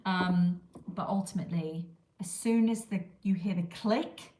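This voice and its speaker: A woman's voice: lowish voice, measured pace, mellow. A woman, chatting casually with viewers as a livestream host and reading out their comments. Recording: echoey room with clear background noise.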